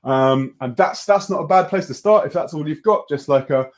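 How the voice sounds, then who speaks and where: The young man's voice is a little high and his speed normal as he teaches a beatbox workshop online. Relaxed and encouraging, he fills his explanations with ums and keeps restarting sentences.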